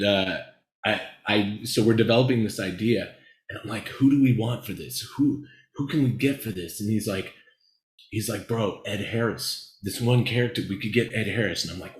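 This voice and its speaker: Rambling, profane male storyteller, roomy sound. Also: lowish voice. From Los Angeles, United States. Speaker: screenwriter guest. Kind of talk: casual storytelling interview. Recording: echoey room.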